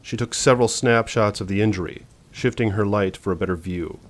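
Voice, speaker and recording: A man narrating a novel as an audiobook, in a measured, suspenseful reading. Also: lowish voice.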